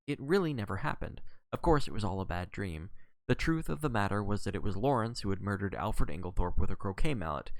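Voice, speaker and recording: A man reading a novel aloud on a live stream, measured, with casual asides when he corrects himself. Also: fairly low pitch, vocal fry, dry recording.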